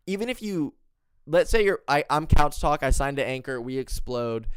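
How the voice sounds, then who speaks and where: A man's voice: medium pitch, clean tone, no echo, studio quality. A man hosting a podcast, ranting casually and swearing often. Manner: profane, ranting, animated. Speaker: podcast host.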